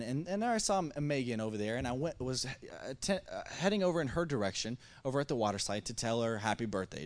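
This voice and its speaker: A male pastor in his thirties, originally from Missouri, preaching to a church congregation. He tells his story in an animated way, full of false starts and quick repeats. His voice sits at an ordinary middle pitch. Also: clear, resonant tone. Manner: animated, acting out dialogue, many restarts. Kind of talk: storytelling sermon. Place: church service before a congregation.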